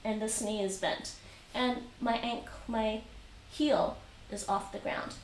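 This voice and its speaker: A woman's voice: on the high side, steady tone, unhurried. Woman coaching taekwondo from across a room. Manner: patient, repeats instructions, counts reps aloud. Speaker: taekwondo instructor and streamer. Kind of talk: live-streamed home exercise lesson. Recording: roomy echo, distant mic, faint noise.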